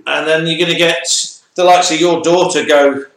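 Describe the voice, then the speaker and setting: A man co-hosting a motorsport show, talking in animated, opinionated banter. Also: a little high, normal speed, reverberant, poor audio. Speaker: co-host. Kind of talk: casual banter.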